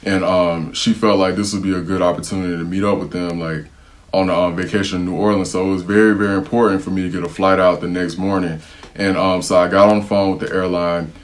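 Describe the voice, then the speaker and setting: A young American man telling a personal travel story to the camera in a casual, slangy, animated way, acting out what other people said. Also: deep voice, quick pace. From United States.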